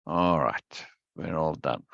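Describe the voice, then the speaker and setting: A man with a very deep, gravelly, slightly bright voice speaks slowly and expressively, hosting an online study group. In casual livestream chat before a reading session, he greets viewers one by one and often repeats his phrases. The lo-fi recording has no room sound.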